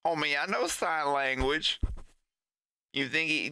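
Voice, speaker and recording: A man's voice: fairly high pitch, a little slow, pauses often, bright, forceful tone, smooth, dry recording. A male streamer in casual chat, joking crudely and breaking into laughter, on a close desk mic.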